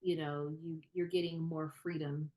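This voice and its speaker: A young woman, a screenwriter and actor, talking in a casual interview, animated and full of fillers and restarts. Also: sits low, measured pace. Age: young adult. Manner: animated, many fillers and repeated starts.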